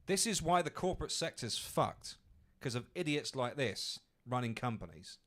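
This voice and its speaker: A man's voice: medium pitch, big pitch swings, moderate pace, fairly bright tone. A man hosting a podcast, ranting angrily with lots of swearing. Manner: angry, profane ranting. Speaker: podcast host. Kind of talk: ranting commentary.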